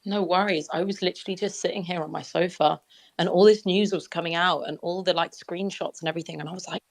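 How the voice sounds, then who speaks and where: A woman's voice: lowish voice, fairly even intonation, quick pace. A woman hosting a casual online audio chat from her sofa at home, candid and laid-back. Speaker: host.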